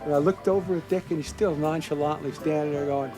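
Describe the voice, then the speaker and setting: A man's voice: fairly high pitch, steady tone, fast, mellow, faint music behind, low-quality recording. An older man who worked for a state park, telling a story in a documentary interview and acting out the quotes.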